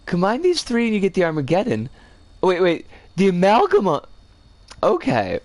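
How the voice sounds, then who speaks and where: The streamer's medium-pitched voice is very animated yet a little mellow, at a moderate pace with no echo. While building a level, they ramble casually to viewers, read the chat out loud, and often stop to fix their own slips and stumbles.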